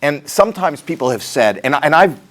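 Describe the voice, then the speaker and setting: A man's voice: fairly high pitch, very animated, moderate pace, a bit bright. A middle-aged man with a Canadian accent, talking through his comedy career in a candid, rambling, self-deprecating interview.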